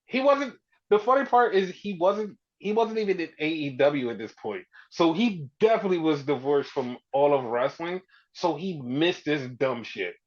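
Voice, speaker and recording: Animated man telling a wrestling story, lo-fi. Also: normal speed. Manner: animated storytelling, heavy swearing, acts out quotes with big pitch jumps. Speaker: podcast co-host. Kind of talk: casual wrestling chat. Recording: dull lo-fi sound.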